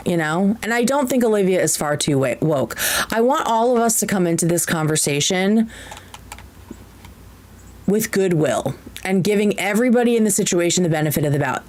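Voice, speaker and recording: A woman's voice: medium pitch, darkish tone, low-quality recording. A woman hosting a live-streamed podcast, chatting casually and animatedly, with many fillers and restarts. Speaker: podcast host.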